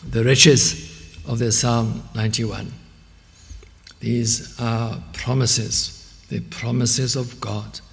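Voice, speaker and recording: A man preaching an evening sermon in a church and leading prayer, earnest and measured, exhorting his listeners. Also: mid-range voice, vocal fry. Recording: long reverb from a church hall.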